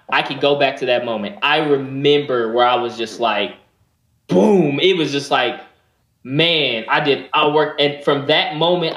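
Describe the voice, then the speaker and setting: Animated man on an echoey call. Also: mid-range voice. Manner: animated, repeats words when emphatic. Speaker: panelist. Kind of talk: career advice on a video call. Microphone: video call. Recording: roomy echo on a call.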